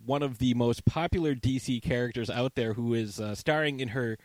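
A man's voice: medium pitch, brisk, a little mellow, no echo. A man hosting a casual podcast, teasing his co-host with jokey banter.

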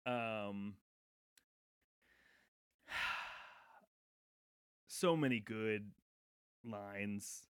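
A man's voice: on the low side, extremely slow, pauses often, a bit bright, clear, resonant tone, no echo, studio quality. A man co-hosting a podcast, chatting casually about a TV episode in a loose, rambling way full of false starts. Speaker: podcast co-host. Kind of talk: casual chat recapping a TV episode.

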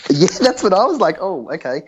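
A man's voice: high voice, very animated, fairly quick. A young man telling a casual rambling story, acting out quoted lines of dialogue. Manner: rambling, acts out quoted dialogue, swears freely. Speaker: podcast co-host. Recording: dull lo-fi recording.

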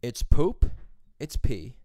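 A man's voice: takes it slowly, dark tone, no room sound, studio quality. A young man telling a rambling, profane work story in casual chat. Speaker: plumber's helper telling a story.

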